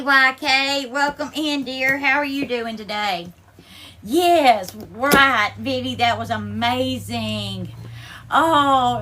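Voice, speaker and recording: A livestream host cooks in her own kitchen and talks casually with viewers, thanking each one individually and calling them darling. Her voice is higher than most women's, bright and ringing, and she sounds teary, on the verge of tears. There's a slight hiss or hum in the recording.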